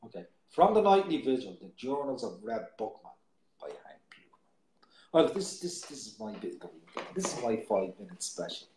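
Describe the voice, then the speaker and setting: A man co-hosting a poetry show, chatting and reading pieces aloud in a soft, dwelling way that sinks to near-whispers. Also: mid-range voice, sing-song, a little fast, few pauses. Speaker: co-host. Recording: roomy echo, faint background noise.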